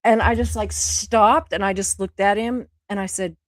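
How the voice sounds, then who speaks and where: A woman co-hosting a chat show, telling a long story in a relaxed, drawn-out way over a video call. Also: medium pitch, no room sound. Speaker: co-host.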